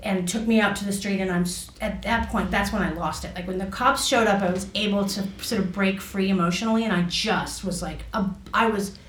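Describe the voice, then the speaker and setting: A woman telling a personal story in a halting way, full of fillers and restarts. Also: medium pitch, far from the mic. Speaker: guest recounting a personal experience. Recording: echoey room, voice off mic.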